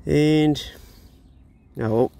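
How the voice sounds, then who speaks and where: A man's voice: fairly high pitch, very slow, creaky, dark tone. A man with a New Zealand accent narrating a casual outdoor vlog on a farm, swearing freely and chatting to the animals. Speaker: vlogger and hunter.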